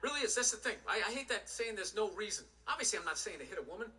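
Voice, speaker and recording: A man's voice: sits high, animated, racing, sharp tone, far from the mic. A man doing a stand-up comedy routine, ranting and exasperated, with plenty of profanity.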